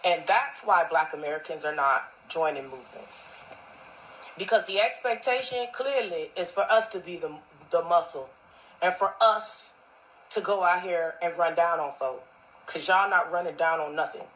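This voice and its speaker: A woman's voice: lowish voice, normal speed, a bit bright, slight background noise, rough recording. A woman speaking emphatically to camera, lecturing her audience.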